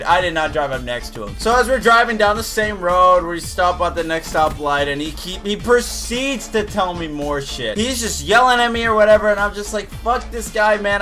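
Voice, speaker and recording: A young man casually telling a profane story and acting out the other people in it. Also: sits high. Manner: animated, profane, acts out other drivers. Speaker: gaming video creator.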